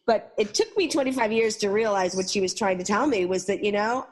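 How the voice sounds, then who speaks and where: Animated woman in her forties telling stories. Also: mid-range voice, brisk. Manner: animated storyteller who acts out quoted lines. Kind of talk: casual radio talk storytelling.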